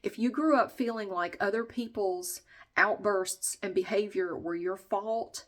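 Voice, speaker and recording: A woman's voice: medium pitch, unhurried. A woman vlogger chatting casually, stuffy and nasal, short of breath, venting bluntly and swearing freely. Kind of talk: casual chat to camera.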